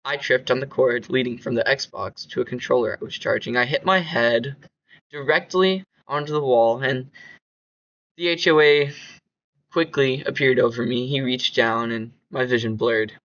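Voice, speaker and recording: A man's voice: mid-range voice, moderate pace, fairly bright tone. Man reading horror story, lo-fi. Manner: plain reading with restarts and slips. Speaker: narrator reading his own horror stories. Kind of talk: amateur horror story narration.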